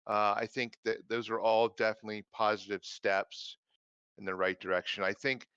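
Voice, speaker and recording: A man's voice: lowish voice, little pitch movement, moderate pace, sharp tone, smooth, dry recording, muffled recording. A man who is a guest on a podcast roundtable, repeating words as he thinks. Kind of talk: casual roundtable chat.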